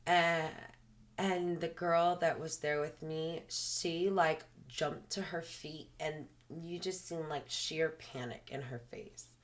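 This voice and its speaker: A woman's voice: low-pitched, fairly even intonation, slow. A woman, a podcast guest, earnestly retelling a personal experience in detail, often saying "like" as she talks. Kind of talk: personal storytelling in a podcast interview.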